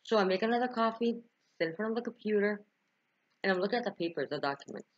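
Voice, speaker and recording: Talking quickly in an expressive mid-range voice, a young woman vlogs an emotional personal story to camera. She gets tearful at points and laughs and sighs often, and the audio is dull.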